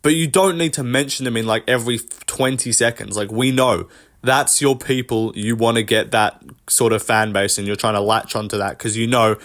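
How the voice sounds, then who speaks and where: A man's voice: mid-range voice, steady tone, moderate pace, a bit bright. A man in a casual commentary rant, rambling from point to point. He swears often and sounds dismissive of the people he talks about. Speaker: MMA commentary vlogger.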